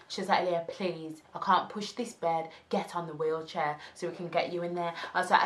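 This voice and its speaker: A young woman telling a casual story, animated and acting out the people she quotes. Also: fairly low pitch, fast talker, hardly any pauses. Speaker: vlogger.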